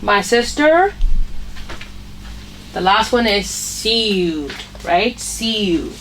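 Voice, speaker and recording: Female teacher, unhurried lesson delivery with lots of "okay?", recorded a bit off-mic. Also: medium pitch, animated, fairly bright tone, far from the mic, a little hiss or hum, rough recording. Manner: patient, repeats points with frequent "okay?" checks. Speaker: English phonics teacher. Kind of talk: online grammar lesson.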